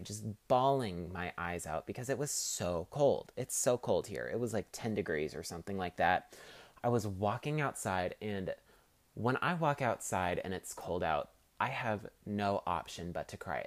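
A man's voice: lowish voice, dry recording. A teenage boy hosting a podcast, talking in a cocky, sarcastic and rambling way as he tells casual stories. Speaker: podcast host.

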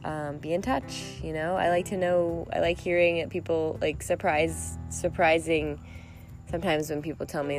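A woman's voice: deep voice, fairly even intonation, moderate pace, gravelly. A woman hosting a solo podcast, talking in a rambling, reflective way and laughing often. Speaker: podcast host. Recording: music playing behind.

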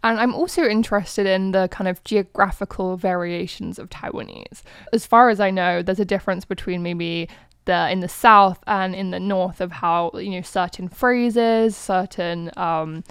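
A woman's voice: fairly low pitch, fairly even intonation, moderate pace, hardly any pauses, smooth, dry recording, studio quality, faint music behind. A woman hosting an interview, asking her guest questions in a curious, casual way. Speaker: podcast host.

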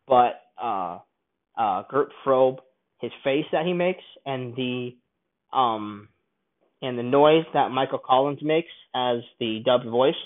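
A man casually reviewing a film, rambling and enthusiastic, often restarting his sentences. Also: mid-range voice. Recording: tinny phone-like sound.

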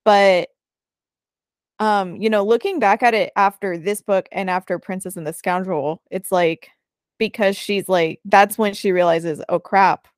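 A woman's voice: mid-range voice, steady tone, a little slow, no room sound, clean studio sound. A woman co-hosting a casual podcast, thinking aloud about a book in a conversational way. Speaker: podcast co-host.

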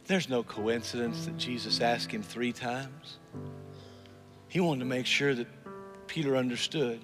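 A man's voice: mid-range voice, fairly even intonation, unhurried. A male pastor telling a story in a sermon, often repeating words for emphasis and acting out the people he quotes. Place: church hall with live and online audience. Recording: long reverb in a large hall, faint music.

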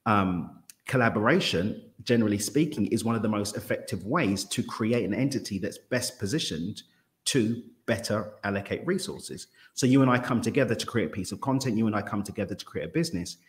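A man's voice: fairly low pitch, animated, brisk. A man as a podcast guest, talking in an expansive, reflective way and now and then tripping over his words. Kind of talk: casual conversational interview.

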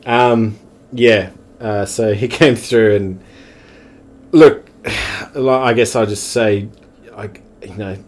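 Laid-back low-voiced New man. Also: steady tone, slow pace. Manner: laid-back, swears often, laughs through stories. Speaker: podcast guest. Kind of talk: casual chat. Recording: faint background noise.

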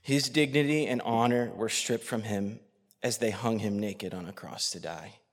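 A man preaching a sermon with passion, swinging between loud outrage and hushed, near-whispered tenderness. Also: on the low side, normal speed. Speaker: pastor. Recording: long hall reverb.

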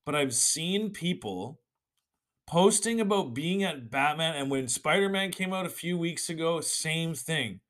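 A young man hosting a solo podcast, ranting with swearing and sudden shouted bursts. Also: fairly high pitch, expressive, unhurried. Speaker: podcast host.

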